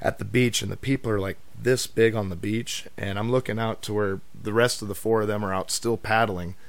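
Guy telling a wild story on a podcast, animated, swears a lot, dry close sound. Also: fairly low pitch, brisk, dry recording. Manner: animated, swearing storyteller who acts out other people's lines. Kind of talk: casual chat, storytelling.

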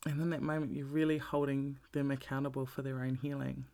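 A man's voice: medium pitch, little pitch movement, brisk, gravelly, darkish tone. A man giving a blunt, profane, candid talk about emotional healing, repeating his points for emphasis.

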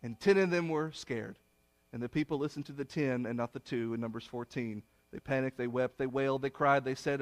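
A man preaching a sermon, retelling a story with rhetorical questions and swinging between loud emphasis and hushed low phrases. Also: steady tone, fairly quick.

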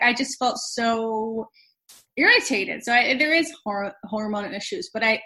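Bright-voiced woman giving relationship advice. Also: mid-range voice. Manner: quick, chatty, with many likes and fillers. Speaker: relationship coach. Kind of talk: casual interview chat.

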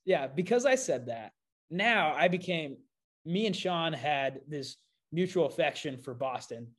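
A man hosting a podcast chats through a story in a loose, animated way. He pokes fun at himself and fills gaps with "um" and "you know." His voice sits a little high for a man. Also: a little slow. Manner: animated, self-deprecating, frequent fillers. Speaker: podcast host. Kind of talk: casual storytelling conversation.

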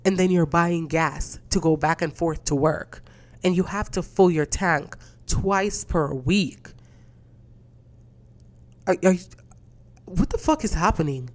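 A woman's voice: on the low side, takes it slowly, long pauses. A woman hosting a podcast, talking bluntly and with exasperation, swearing freely as she rants. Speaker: podcast host. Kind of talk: casual rant.

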